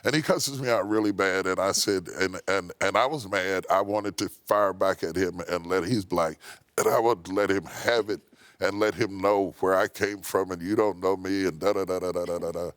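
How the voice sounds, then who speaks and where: Emphatic preacher telling a story. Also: male voice, deep voice, moderate pace, a bit bright, clean tone, no echo. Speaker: bishop. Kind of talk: interview storytelling. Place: TV studio.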